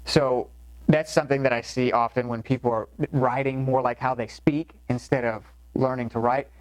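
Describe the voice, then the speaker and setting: A man's voice: mid-range voice, fairly even intonation, normal speed, dry recording, low-quality recording. A man teaching a recorded college writing lecture in a loose, conversational way, with frequent fillers and restarts. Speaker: course instructor.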